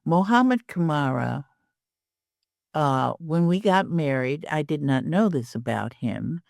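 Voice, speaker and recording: An older woman telling a personal story as a podcast guest, animated, often laughing and acting out the dialogue. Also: deep voice, slow, vocal fry, dry recording, studio quality.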